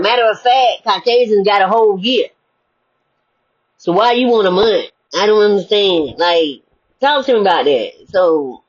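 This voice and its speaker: A woman's voice: mid-range voice, lively intonation, normal speed, slightly rough. A woman giving a preachy motivational spiritual talk, casual and full of rhetorical questions. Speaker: spiritual speaker. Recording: dull lo-fi recording.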